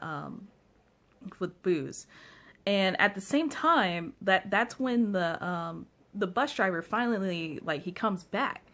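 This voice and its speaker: A woman's voice: mid-range voice, a bit bright. Rambling young woman telling a story. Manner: rambling, lots of "like" fillers. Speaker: vlogger. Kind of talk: casual storytime. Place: downstairs room at home. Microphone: phone.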